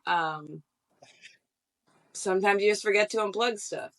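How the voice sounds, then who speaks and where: A woman hosting a casual podcast chat, relaxed and joking, laughing often. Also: mid-range voice, a little slow. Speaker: podcast host.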